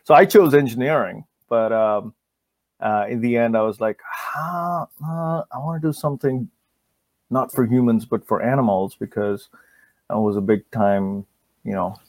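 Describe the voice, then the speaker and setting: A man's voice: on the low side, moderate pace, a little mellow, no echo. A man from India in his late thirties, talking as a wildlife conservationist guest. He laughs easily and trips over his words as he restarts them. He speaks over a video call, and the sound is dry. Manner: laughs often, many restarts. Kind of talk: casual interview.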